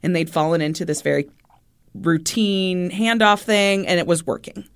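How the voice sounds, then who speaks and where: A woman's voice: lowish voice, moderate pace, smooth. A woman co-hosting a podcast, telling a true-crime story in a chatty way, with easy laughs and loose fillers. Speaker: podcast co-host.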